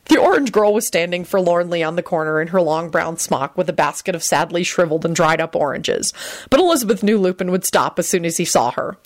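A woman narrates a storybook with a slightly low voice. Her delivery is measured yet expressive, with plenty of rise and fall. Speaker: audiobook reader.

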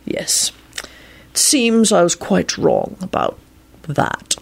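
A woman's voice: on the low side, wildly swooping pitch, slow, creaky, husky, full character voice. A woman voicing a sardonic man who drawls dryly and coldly. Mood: drawling. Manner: dry, drawling. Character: sardonic man, dry and cold.

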